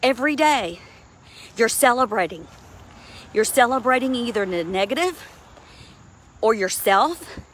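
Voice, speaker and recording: A woman's voice: on the high side, expressive, measured pace, long pauses, fairly bright tone, slight background noise. A middle-aged woman minister, preaching a sermon emphatically and laughing between points.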